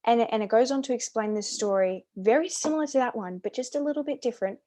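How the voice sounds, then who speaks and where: A woman's voice: a little high, quick pace, mellow. Earnest Australian woman sharing faith. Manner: earnest, enthusiastic, repeats words. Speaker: podcast co-host. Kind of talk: casual faith discussion.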